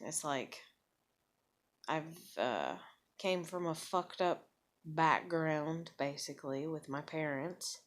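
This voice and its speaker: Brief: woman, low-pitched, slow delivery, angry and profane vent. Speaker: vlogger. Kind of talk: personal vent to camera.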